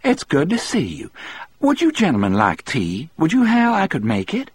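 Man voicing a cheerful, gentle older woman in a storybook reading: high, lilting, eager, dry close recording. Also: huge pitch swings, slow, breathy edge, dry recording, heavily acted. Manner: bright, eager, lilting falsetto.

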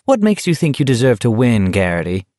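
A man's voice: mid-range voice, very animated, brisk, a little mellow, dry recording, studio quality, close to an everyday voice. A man voicing a young male walker who taunts and needles his rival in a sly, mocking way. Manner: sly, mocking, soothingly condescending.

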